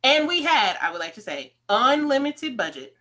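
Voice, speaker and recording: Speaking at a normal pace in a slightly high voice, a woman leads a podcast interview with easy, casual chatter. When she tells stories, she gets animated, mimics the voices in her quotes, and often breaks into laughter.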